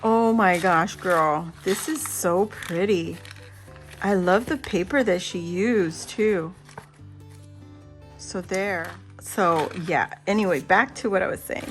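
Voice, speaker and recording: A middle-aged woman vlogger chatting casually and excitedly as she unboxes a birthday gift, gasping and laughing. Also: on the low side, slow, soft background music. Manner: excited and giddy, many gasps and laughs. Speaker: crafting vlogger.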